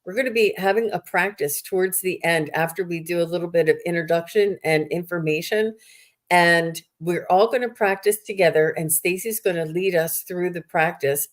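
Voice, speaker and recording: A woman hosting a live online workshop, chatting casually, reading out viewer comments and filling pauses with ums. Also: on the low side. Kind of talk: casual live-stream chat.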